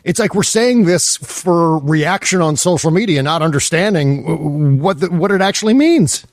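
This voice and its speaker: A man's voice: on the high side, lively intonation, normal speed, dry recording, studio quality. A man on a political podcast panel, talking in an exasperated way with frequent stammered restarts. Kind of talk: political roundtable talk.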